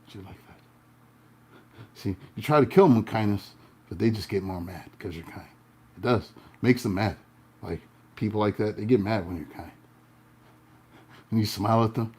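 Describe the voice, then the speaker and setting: A man, a tarot reader and life coach, telling a story to his viewers in a playful way, swinging between loud and hushed and laughing often. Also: lowish voice, slightly rough.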